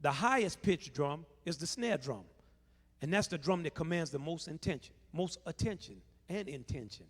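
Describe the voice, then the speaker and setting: Onstage in a large convention hall before a live audience, a middle-aged New Orleans man leads kids through a fun music lesson, using call and response to tease the crowd. He has a New Orleans accent and a fairly high, expressive, slightly rough voice at a moderate pace. Long hall reverb colors the sound.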